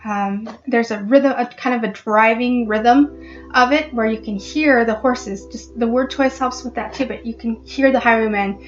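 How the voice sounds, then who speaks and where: A woman vlogger explaining a poem in a casual, halting way, with many ums and restarts. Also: a little high, highs cut off, faint music behind. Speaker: literary vlogger.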